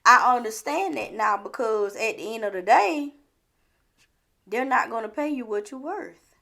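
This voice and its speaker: High, gravelly woman giving a pep talk. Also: animated, a little slow, pushed and bright. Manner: repetitive, preachy, rhetorical questions. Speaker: vlogger. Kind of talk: motivational talk to camera.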